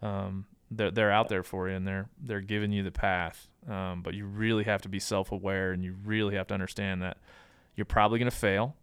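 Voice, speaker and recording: A man's voice: low-pitched, level tone, fairly quick, fairly bright tone, clear, resonant tone, no echo. A man speaking as a podcast guest, giving casual advice in a thoughtful way with frequent ums and restarts.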